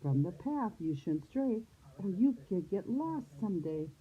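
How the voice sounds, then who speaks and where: A woman voicing a caring mother who gives slow, sing-song rhyming warnings. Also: medium pitch, very animated. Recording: phone-like lo-fi sound.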